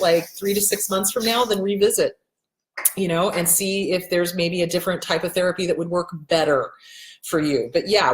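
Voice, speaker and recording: A woman's voice: mid-range voice, echoey room, poor audio. A woman therapist answering viewer questions in a casual, blunt, emphatic way, swearing freely. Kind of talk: casual advice talk.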